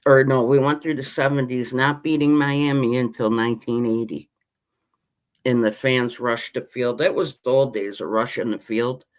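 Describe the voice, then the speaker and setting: A man, ranting passionately about his team as a podcast host in casual chat. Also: medium pitch. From Western New York. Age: 50s. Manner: impassioned, rambling sports-fan rant.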